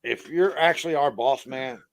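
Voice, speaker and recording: A man's voice: mid-range voice, moderate pace, no echo, poor audio. A man co-hosting a podcast, teasing the others and laughing a lot in casual chat. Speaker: podcast co-host.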